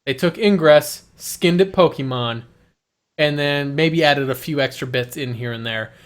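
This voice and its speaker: Animated man chatting on a gaming podcast. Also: a little high, unhurried. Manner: animated, swears freely, laughs while talking. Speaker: podcast host. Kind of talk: casual gaming podcast chat.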